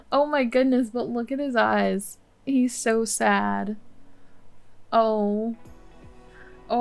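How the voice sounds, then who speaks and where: A woman hosting a Let's Play, giving casual, chatty gameplay commentary full of exclamations and laughter. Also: on the high side.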